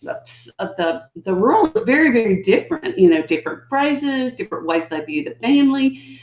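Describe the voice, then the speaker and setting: Older woman guest on a video call, lively storyteller who slips into voices, echoey room, muffled audio. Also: normal speed. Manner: animated, acts out quotes with big pitch jumps. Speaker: guest educator. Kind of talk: conversational storytelling. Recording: dull lo-fi audio in a roomy space.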